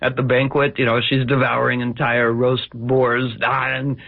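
A man's voice: mid-range voice, level tone, a little slow, dry recording. A man telling a legend on the radio, wry and conversational with digressions. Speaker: radio storyteller. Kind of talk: spoken-word storytelling. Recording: dry, tinny phone-like radio audio.

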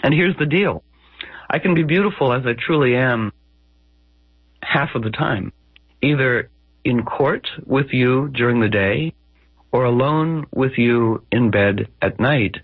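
A man's voice: medium pitch, measured pace, pauses often, slightly rough, no room sound, narrow, tinny audio. A man voicing a grotesque, commanding hag in a spoken storytelling piece, bold and bargaining.

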